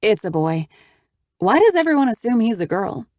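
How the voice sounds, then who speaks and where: A woman voicing a determined young woman who speaks crisply and in a businesslike way in an audiobook. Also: on the high side, very animated, moderate pace, darkish tone, no echo, pitched above the performer's own voice. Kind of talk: audiobook character voice.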